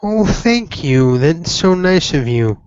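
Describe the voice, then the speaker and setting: A man's voice: a little high, sing-song, takes it slowly, a little mellow, clear, resonant tone, dry recording. A man voicing a flustered, sweet-natured young man who stammers and apologizes, on a dull lo-fi voice chat recording. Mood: earnest.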